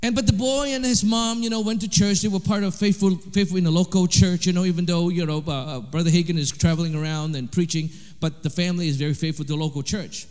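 A man with a high voice preaches a sermon with lively swings between loud emphatic lines and quiet asides. His voice carries with a long reverb, as in a large hall. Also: fast talker, hardly any pauses, smooth. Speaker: pastor.

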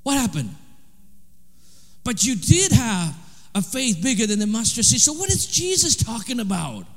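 A man with a high voice preaches a sermon with lively swings between loud emphatic lines and quiet asides. His voice carries with a long reverb, as in a large hall. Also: moderate pace. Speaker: pastor.

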